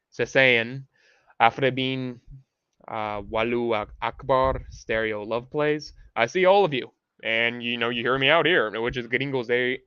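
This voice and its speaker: A man's voice: mid-range voice, no echo. A man hosting a rambling livestream monologue in a profane, ranting way, full of restarts. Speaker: livestream host. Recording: dull, dry lo-fi sound.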